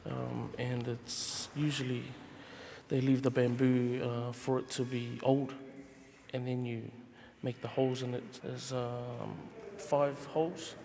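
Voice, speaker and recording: A man from Tonga, a nose flute player, calmly explaining his instrument in an interview with lots of ums and uhs. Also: medium pitch, slow. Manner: calm, explaining with many fillers. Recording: echoey with clear background noise.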